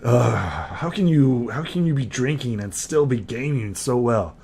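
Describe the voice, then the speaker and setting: A man's voice: mid-range voice, normal speed, warm tone, a little hiss or hum, close to an everyday voice. Judas, an exasperated human man voiced by a man. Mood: frustrated. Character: frustrated human man losing at chess.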